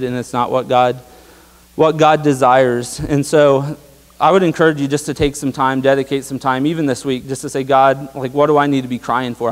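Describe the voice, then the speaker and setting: A young man preaching a casual sermon, talking conversationally with lots of fillers and tag questions. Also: mid-range voice. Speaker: pastor. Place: church sanctuary. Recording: long hall reverb.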